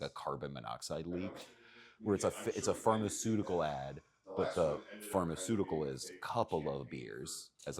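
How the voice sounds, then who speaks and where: A man on a comedy podcast, chatting casually with wry, digressive stories. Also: rumbling low. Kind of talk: casual chat.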